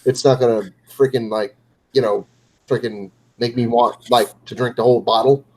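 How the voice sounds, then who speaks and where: A man's voice: mid-range voice, fairly even intonation, normal speed, dark tone, poor audio. A man chatting casually on a late-night livestream, rambling and poking fun at himself with lots of fillers. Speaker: co-host of a livestream.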